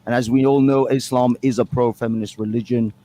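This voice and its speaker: A man's voice: medium pitch, fairly even intonation, brisk, noisy background. A man appearing as a guest on a live show, mock-earnest and provocative in his trolling banter.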